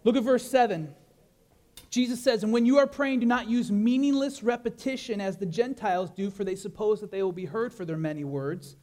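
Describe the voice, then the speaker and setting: A man pastor preaching a sermon, animated, with many rhetorical questions and repeated words. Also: high voice, brisk.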